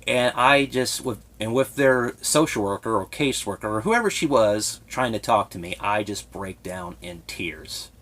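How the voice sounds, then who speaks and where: A man's voice: lowish voice, expressive, normal speed, hardly any pauses, fairly bright tone. A young man telling a personal story in a confessional vlog, hesitant and emotionally raw, often restarting his sentences. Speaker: vlogger.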